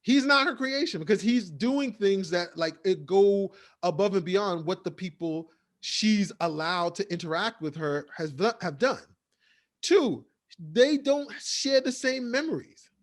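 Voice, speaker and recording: A man's voice: high-pitched, expressive, measured pace. A man co-hosting a podcast, casually reviewing a TV episode in a rambling way, with lots of fillers. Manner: rambling, filler-heavy recap. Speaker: podcast co-host.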